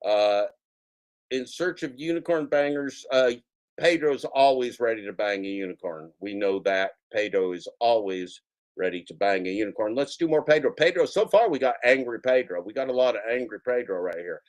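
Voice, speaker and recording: A man's voice: mid-range voice, moderate pace. A man hosting a casual reaction stream, commenting on clips with playful, jokey mock warnings to his viewers.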